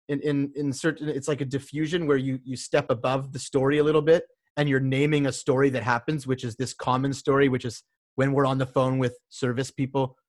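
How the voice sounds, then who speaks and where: A man's voice: medium pitch, no room sound, studio quality. A man coaching a client in a casual conversation, talking thoughtfully with many restarts and fillers.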